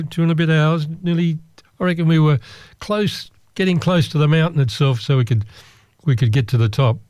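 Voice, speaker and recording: A man's voice: a little high, darkish tone, clean tone, no room sound. A man telling a true personal anecdote in a self-deprecating, wry way, rambling a little with restarts. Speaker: storyteller. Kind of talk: personal anecdote told to listeners.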